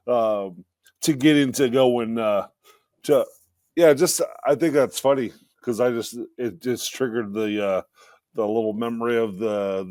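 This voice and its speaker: A middle-aged man co-hosting a podcast, talking in a rambling, relaxed way with many fillers. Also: medium pitch, dry recording, studio quality. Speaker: podcast co-host. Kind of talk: casual podcast chat.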